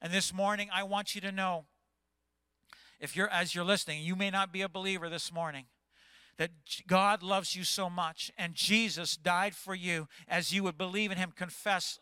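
Impassioned bright-voiced pastor in his fifties. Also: sits high, steady tone, moderate pace, clear, resonant tone, no echo. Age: 50s. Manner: impassioned, agitated preaching. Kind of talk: sermon.

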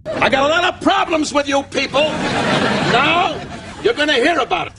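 A cranky old tv dad, screechy gravelly yelling, noisy audience clip. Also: male voice, very high-pitched, lively intonation, moderate pace, crowd noise. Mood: ranting. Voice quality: shouting, gravelly. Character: irate old sitcom dad, loud and grievance-filled.

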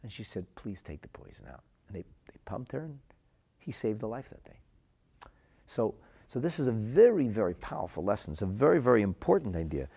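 A man's voice: fairly low pitch, big pitch swings, a little fast, mellow, husky. A man giving a spoken religious lesson, telling stories earnestly and often repeating his words. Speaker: Torah teacher.

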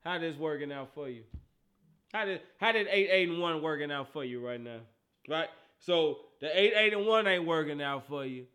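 High bright-voiced man ranting about football. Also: moderate pace. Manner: animated, teasing, repeats himself, laughs often. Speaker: sports talk host. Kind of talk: casual sports talk rant.

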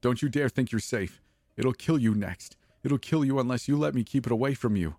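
A man's voice: a little high, slow, gravelly, mellow, dry recording, pitched above the performer's own voice, heavily acted. A man reading a horror story, voicing a cornered young woman who shrieks, begs and curses in a raised voice. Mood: desperate. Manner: shrieking, begging and cursing.

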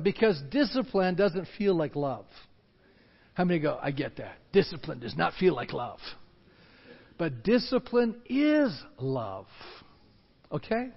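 A man preaching a sermon as pastor, animated and acting out the voices of panicked crowds. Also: high voice, a little slow. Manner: animated, acts out shouting crowds. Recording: dull sound with long hall reverb.

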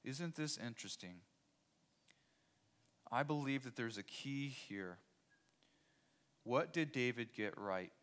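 A man preaches a sermon in a voice of ordinary middle pitch. He leans hard on his main points and repeats key phrases. He keeps turning to his listeners with rhetorical questions. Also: lively intonation, slow pace, pauses often, a bit bright, clear, resonant tone. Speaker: pastor.

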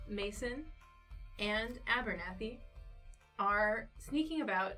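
A woman serves as game master for a tabletop horror campaign and describes the scene with easy, halting narration. Her voice sits a little away from the mic, with faint music under it. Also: mid-range voice, a bit bright, far from the mic. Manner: conversational, hesitant, breaks into character voices.

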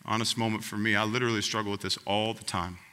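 A man's voice: lowish voice, fairly even intonation, fast, pushed and bright, smooth, long reverb tail. A man preaching a sermon, speaking earnestly and directly to the congregation as their pastor.

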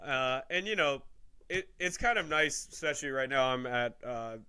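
A young man co-hosting a casual comedy podcast, laughing often and jumping into high quoted voices. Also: animated, normal speed, pushed and bright, smooth.

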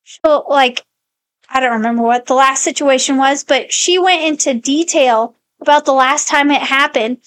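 A woman's voice: high-pitched, moderate pace, fairly bright tone. A woman co-hosting a podcast, chatting casually and fondly about her young kids. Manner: chatty, laughs at her kids' antics. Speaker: podcast co-host. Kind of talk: casual chat.

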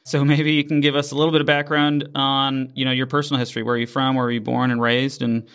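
Podcast host guy, mid pitch, asks rambly friendly questions, lots of you know. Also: level tone, fast talker, a bit bright, clear, resonant tone. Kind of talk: podcast hosting, interviewing.

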